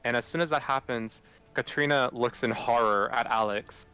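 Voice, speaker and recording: A man's voice: medium pitch, normal speed, sharp tone, clear, resonant tone, soft background music. A man narrating as game master in a loose, casual way.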